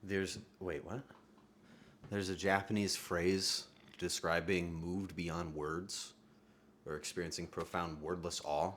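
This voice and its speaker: A man streaming live from his home setup, rambling casually with sudden loud outbursts and soft asides. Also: low-pitched, little pitch movement, slow, slight background noise.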